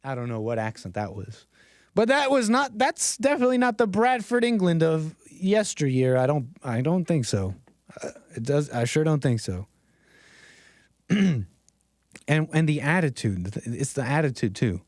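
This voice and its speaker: A man talks through video clips in a loose, sarcastic ramble, often stopping to restart his sentences. His voice sits fairly high for a man. The sound is dry and close, with no room around it. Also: big pitch swings, normal speed, no echo. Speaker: streamer commenting on videos. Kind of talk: casual commentary.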